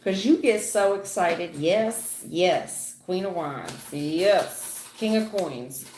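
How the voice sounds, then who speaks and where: A woman's voice: fairly low pitch, expressive, slow, darkish tone, reverberant. A woman giving a live tarot reading, chatty and folksy, calling viewers honey and baby. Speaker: tarot reader.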